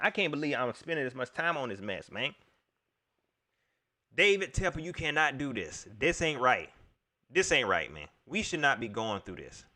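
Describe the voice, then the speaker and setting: A man's voice: mid-range voice, bright, forceful tone. A man hosting a casual solo livestream, rambling and exasperated as he vents to his viewers and repeats his points. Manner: rambling, exasperated sports-fan venting to chat; addresses viewers directly, repeats himself. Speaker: livestream host.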